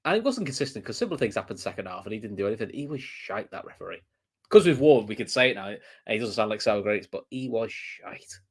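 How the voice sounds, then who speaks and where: A man's voice: fairly low pitch, very animated, fast, slightly rough. A man co-hosting a casual football reaction show, ranting about the referee and swearing freely. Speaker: podcast co-host. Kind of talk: casual match-reaction chat.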